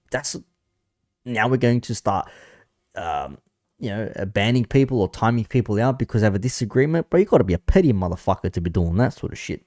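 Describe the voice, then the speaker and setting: A laid-back male streamer with a fairly low voice who rambles on and swears freely. His voice is close and dry on the mic, with no room sound around it. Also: animated, brisk, darkish tone, no echo. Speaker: commentary streamer. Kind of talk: casual live-stream commentary.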